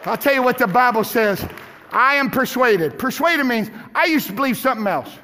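High, fervent preacher in a church. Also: male voice, expressive, a little fast, a faint crowd. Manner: fervent preaching, shouting climaxes and dramatic hushed drops. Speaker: pastor. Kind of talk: sermon. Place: church sanctuary. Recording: echoey hall with music and congregation.

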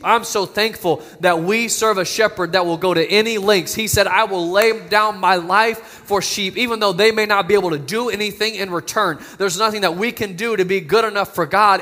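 Man preaching, bright forceful voice, emphatic appeals, long hall reverb. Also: sits high. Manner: rising to emphatic, near-shouting appeals. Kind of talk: sermon.

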